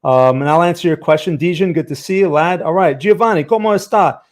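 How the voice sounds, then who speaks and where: A man's voice: on the high side, quick pace. A man hosting a casual livestream about trading, chatting loosely and greeting viewers by name. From New York. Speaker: trading stream host. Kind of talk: casual livestream market talk.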